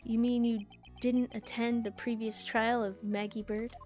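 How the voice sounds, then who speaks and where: A woman voicing a cool, brooding masked male prosecutor, speaking low, slow and unhurried. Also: level tone, darkish tone, faint music behind, lightly acted.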